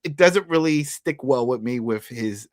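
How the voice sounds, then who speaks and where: A man co-hosting a casual chat about a TV episode, acting out the characters' lines in quick voices. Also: mid-range voice, lively intonation, no echo, studio quality. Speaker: podcast co-host.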